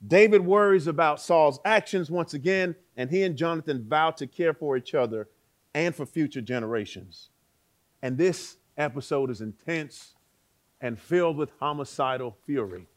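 A man preaching a sermon, with dramatic swings between loud exclaiming and hushed words and rhetorical questions to the listeners. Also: a little high, normal speed.

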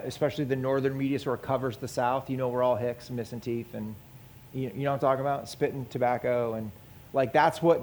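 Animated man teaching a Bible lesson. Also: a little high. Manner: animated, asks the audience questions.

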